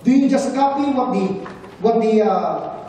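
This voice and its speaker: Preacher in a booming echoey hall. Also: expressive, a little slow, warm tone. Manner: earnest, asks the congregation questions. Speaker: pastor. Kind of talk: sermon. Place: church service in a large hall. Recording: very echoey hall, distant mic, faint noise.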